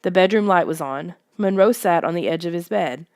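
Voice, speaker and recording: A woman reading a first-person story aloud in steady, even narration. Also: on the low side, a little fast, dry recording, studio quality. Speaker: audiobook reader.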